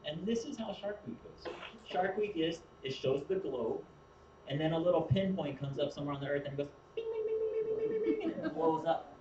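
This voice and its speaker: At a comedy show venue, a male stand-up comedian tells a rambling story and often laughs at his own jokes. His voice is a little high and brisk. He's recorded from a distance in an echoey room, so the sound is muffled with a noisy background.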